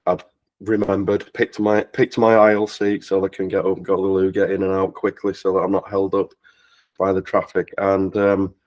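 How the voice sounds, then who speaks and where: A man's voice: sits low, little pitch movement, moderate pace, a little mellow, poor audio. A man telling a personal story on a charity livestream, laughing often and restarting his sentences. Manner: laughs through the story, with frequent restarts and stumbles. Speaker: guest speaker on a charity talkathon livestream. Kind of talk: casual anecdote storytelling.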